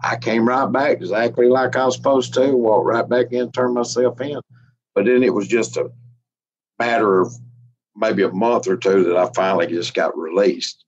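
A man's voice: medium pitch, steady tone, moderate pace. Folksy man, chuckling storyteller. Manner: folksy, chuckling, gets emotional. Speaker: interviewee. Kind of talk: casual storytelling. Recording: slightly muffled recording.

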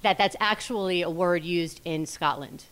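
A woman chatting as a podcast guest, talking in an enthusiastic, animated way about her own show. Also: fairly low pitch, moderate pace, smooth. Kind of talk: casual chat.

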